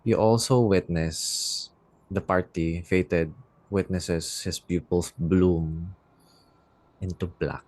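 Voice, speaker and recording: Deep slow-talking man narrating. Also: steady tone, a little mellow. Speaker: game master. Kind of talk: narrating a tabletop game.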